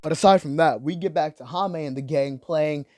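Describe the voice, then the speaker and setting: A man's voice: a little high, moderate pace, a little mellow, no room sound, studio quality, soft background music. A young man giving a comedic, profane, slangy recap of an anime. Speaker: commentary host.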